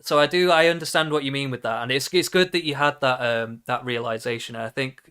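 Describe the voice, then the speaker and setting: A man's voice: mid-range voice, fast talker, pushed and bright, smooth. A male podcast host in a casual interview chat, supportive and agreeing often with short backchannels.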